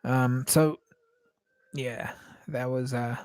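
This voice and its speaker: A man whose first language is Spanish thinks out loud in a loose, casual monologue. He hesitates a lot and searches for words, and he swears in an offhand way. His voice sounds close and dry, with no room around it. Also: mid-range voice, steady tone, drawn-out words, clean tone, no echo. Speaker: podcast host painting live.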